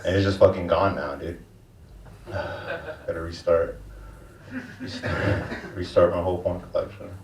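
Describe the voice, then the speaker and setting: Deep-voiced young comic, crude and slangy. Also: male voice, steady tone, unhurried, pauses often, a little mellow. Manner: laid-back, crude, slangy delivery. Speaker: stand-up comedian. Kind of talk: stand-up comedy set. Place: comedy club stage. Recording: dull, distant, echoey club recording.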